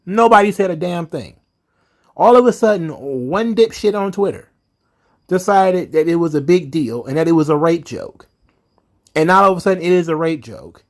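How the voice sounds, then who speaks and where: A man with a fairly high voice delivers a heated wrestling commentary rant. His delivery is profane and emphatic, and he hammers his points with blunt repetition. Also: normal speed. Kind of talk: angry ranting commentary.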